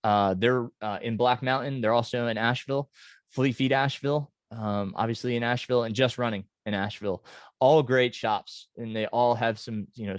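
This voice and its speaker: A man, a race director, talking casually on a podcast, earnest and grateful, halting with many fillers and restarts. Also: medium pitch, dry recording, studio quality.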